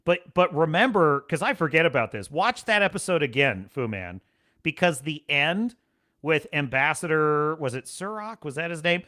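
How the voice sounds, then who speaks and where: A man hosting a livestream show, chatting casually in a rambling, animated way and laughing often. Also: a little high, moderate pace.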